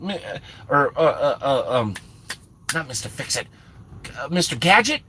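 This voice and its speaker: A man's voice: medium pitch, big pitch swings, normal speed, sharp tone, a little hiss or hum. A middle-aged man telling a rambling, self-mocking story to his chat, with lots of restarts. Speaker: streamer. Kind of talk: casual storytelling to live chat.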